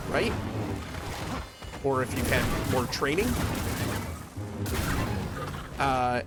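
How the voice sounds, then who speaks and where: A man from West Michigan with a Michigan accent, chatting casually with his viewers while streaming a game, rambling and often restarting his sentences. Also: medium pitch. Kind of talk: casual chat while gaming.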